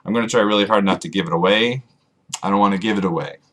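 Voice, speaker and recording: A man vlogging to his camera, rambling and joking at himself in a monotone way. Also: on the low side, fast. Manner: self-mocking, rambling, jokey asides. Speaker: author vlogger. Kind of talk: rambling casual vlog to camera.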